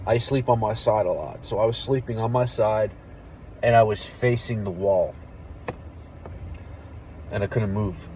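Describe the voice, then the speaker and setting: A young man, an army veteran, tells a story in a low, mellow voice, candid and full of casual swearing. He lowers to a near hush when the story turns tense. Faint traffic noise from outside sits under his voice. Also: a little slow, long pauses, rough recording. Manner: candid, profane, drops to a hush for tense moments.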